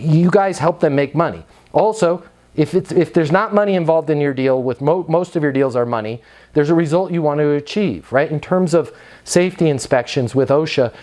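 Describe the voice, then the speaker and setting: A man giving an energetic sales training talk, emphatic and punchy, acting out sample phone calls. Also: mid-range voice, a little fast.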